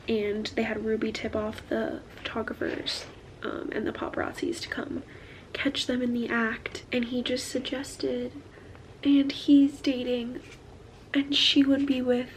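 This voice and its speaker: A young woman filming a casual reading vlog at home, gushing and excitable, dropping to whispers as she reads along. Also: on the high side, slight background noise. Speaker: book vlogger. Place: at home, lying down to read.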